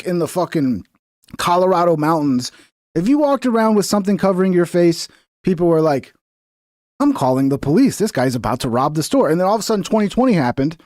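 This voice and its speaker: A man's voice: high voice, a little mellow, dry recording, studio quality. Sarcastic, profane man reacting to clips. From Texas. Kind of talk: casual reaction commentary.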